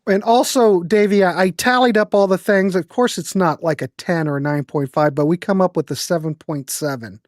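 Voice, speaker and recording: A man's voice: high voice, a little fast, hardly any pauses, dry recording, clean studio sound. Wry, laid-back male podcast host. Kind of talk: casual podcast chat.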